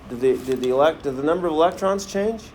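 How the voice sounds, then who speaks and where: A man's voice: fairly high pitch, quick pace, darkish tone, a little hiss or hum. A man teaching a science class, firing questions at the students and joking as he runs a demonstration in a classroom. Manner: asks the class many questions, jokey.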